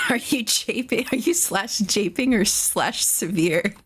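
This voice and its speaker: Young woman streamer, casual rambling chat, profane and sarcastic, middle pitch. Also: very animated, takes it slowly, fairly bright tone, husky.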